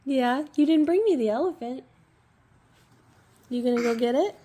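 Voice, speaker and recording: A woman's voice: high-pitched, normal speed, slight background noise. A young woman playing with her toddler at home, talking in a sing-song baby-talk voice full of gasps and praise. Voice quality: bright, animated parent voice with gasps and laughs.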